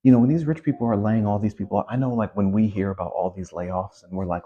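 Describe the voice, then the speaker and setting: A commentary host with a low, husky, mellow voice delivers a casual opinion rant in a loose, animated way, speaking fast with few pauses. He keeps circling back to his points, repeating phrases and leaning on conversational fillers, and the recording sounds muffled.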